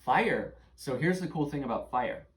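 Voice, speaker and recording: A woman's voice: extremely low pitch, lively intonation, moderate pace, echoey room. A woman running a tabletop game for a child, asking patient questions and narrating the scene. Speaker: game master.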